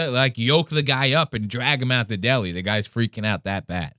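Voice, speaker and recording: A man's voice: mid-range voice, fairly quick, few pauses, dry recording, clean studio sound. A man hosting a podcast in casual chat, swearing often and mimicking people as he tells stories. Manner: profane, animated, mimics people mid-story. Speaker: podcast host.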